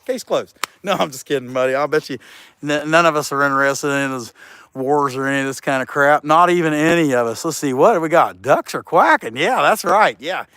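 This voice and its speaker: A man's voice: on the high side, fairly quick, sharp tone. A man hosting a chainsaw carving livestream, joking around and rambling as he reads viewer comments aloud. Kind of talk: casual livestream chat.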